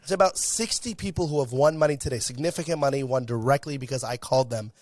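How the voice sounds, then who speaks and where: Young dude telling a story on a podcast, acts out all the lines, dry close sound. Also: male voice, mid-range voice, fast, no room sound. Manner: animated, acts out quoted dialogue. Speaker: guest, content creator. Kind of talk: storytelling in casual interview.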